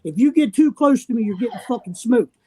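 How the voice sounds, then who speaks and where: A man on a podcast telling a story in a casual way. He swears constantly and sounds brash and animated. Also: very high-pitched, fairly quick, breathy edge, no echo. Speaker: podcast regular.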